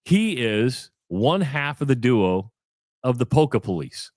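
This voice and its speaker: A man's voice: mid-range voice, takes it slowly, dry recording. Man, middle-aged, from iowa, radio co-host, chatty storyteller, dry booth mic. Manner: rambling, animated storyteller acting out both sides of a chat. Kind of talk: casual storytelling on sports radio.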